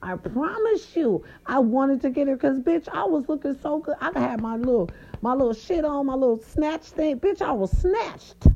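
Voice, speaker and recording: A woman hosting a podcast, telling a story in a casual, sassy way and swooping her voice up high for emphasis. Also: animated, moderate pace, creaky, mellow, lo-fi sound. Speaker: podcast host.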